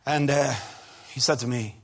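A man preaching a sermon and telling a testimony, in non-native English phrasing, moving between quiet storytelling and loud emphatic preaching. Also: medium pitch, steady tone, moderate pace.

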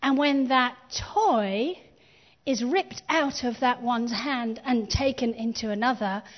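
Emphatic high-voiced woman preaching slowly. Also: lo-fi sound. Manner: emphatic preaching with call-and-response. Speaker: pastor. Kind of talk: sermon.

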